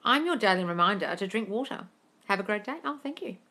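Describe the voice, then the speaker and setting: Bright-voiced and medium-pitched, a blunt livestream host talks fast as she answers viewer questions in a casual phone Q&A. She swears freely and calls viewers darling, squealing and laughing animatedly at their comments.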